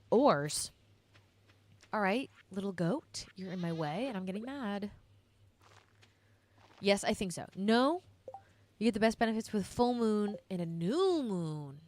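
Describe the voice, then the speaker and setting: A woman's voice: mid-range voice, animated, measured pace, pauses often. A young woman giving casual, rambling gameplay commentary as a gaming vlogger, chatting directly to her viewers.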